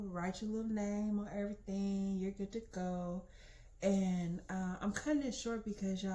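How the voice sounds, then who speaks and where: A young adult woman telling a comic personal story to her listeners in a casual, slangy, animated way. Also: fairly low pitch. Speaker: storytelling podcast host.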